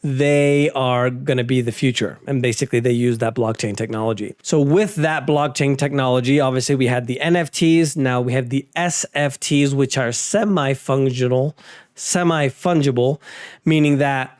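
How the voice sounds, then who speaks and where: A man's voice: medium pitch, fairly even intonation, normal speed, few pauses, no room sound, clean studio sound. A man hosting a casual market and crypto news rundown, talking offhand with sarcastic asides and frequent restarts. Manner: frequent restarts and fillers, conversational. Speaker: host.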